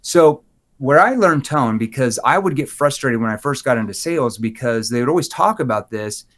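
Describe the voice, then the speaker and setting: A man gives a podcast interview about selling. He talks in a lively way and keeps slipping into short acted bits of dialogue, swinging between bright and hushed tones. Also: medium pitch, normal speed. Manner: animated, acts out sample dialogue with shifting tones. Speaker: sales trainer guest.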